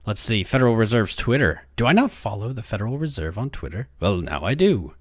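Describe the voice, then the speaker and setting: A man's voice: on the low side, very animated, fairly quick, dry recording, studio quality. A young man hosting a crypto livestream, talking restlessly to his chat while he searches for something.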